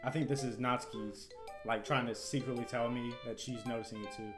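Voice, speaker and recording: Man streamer reacting loudly, game music behind. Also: medium pitch, steady tone, a little fast. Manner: loud, profane reactions, slangy. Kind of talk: casual game commentary.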